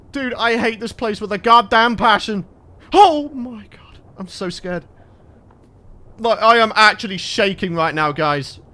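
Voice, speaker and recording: High bright-voiced jittery gamer. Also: male voice. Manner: jittery, exclaims and repeats himself when scared. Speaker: gaming channel host. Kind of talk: let's play commentary.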